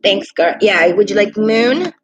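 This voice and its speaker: A woman's voice: mid-range voice, expressive, measured pace, faint music behind, low-quality recording. A woman doing a casual live-stream tarot reading from her laptop, chatty and emotional as she reacts aloud to viewer comments. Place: home desk at a laptop. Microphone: laptop microphone.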